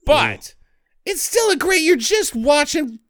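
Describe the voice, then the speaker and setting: A man's voice: very high-pitched, sing-song, slow pace, fairly bright tone, no room sound, studio quality. A man co-hosting a casual movie review podcast, sarcastic, recapping scenes and jumping into quoted voices. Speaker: podcast co-host.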